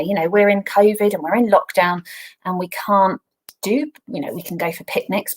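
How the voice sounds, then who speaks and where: An English woman talks to children at home in a relaxed, chatty way, as if over a video call. She keeps the tone homely and light, slipping in small laughs as she goes. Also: mid-range voice, poor audio. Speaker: church talk leader. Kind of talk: casual children's church talk. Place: home by a garden window.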